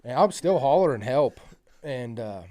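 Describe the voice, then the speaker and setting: A man from Utah tells a wild story on a podcast in a loose, rambling way. His voice sits in an ordinary middle pitch. He swears freely, leans on fillers, and acts out the quoted lines. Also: expressive, normal speed, mellow. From South Central Utah. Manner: rambling, profane, heavy fillers. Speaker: podcast guest, hunting guide. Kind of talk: casual storytelling.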